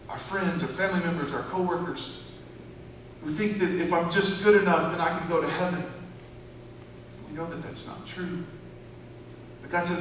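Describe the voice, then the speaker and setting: A man's voice: high voice, a bit bright, a little hiss or hum. A man giving a sermon testimony to a church, telling a story in a conversational, building way. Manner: storytelling, conversational with rising emphasis. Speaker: church speaker. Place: large church hall. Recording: echoey church hall from far off.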